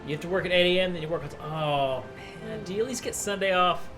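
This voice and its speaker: A man's voice: high voice, quick pace, over music. A man co-hosting a live game stream, chatting casually and reading out messages from chat. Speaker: streamer co-host. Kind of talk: casual chat while gaming.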